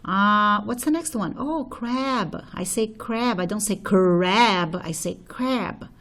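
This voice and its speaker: A woman's voice: a little high, lively intonation, slow, sharp tone. A woman teacher explaining a phonology problem step by step, checking in with "okay?" as she writes. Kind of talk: phonology lesson at a board.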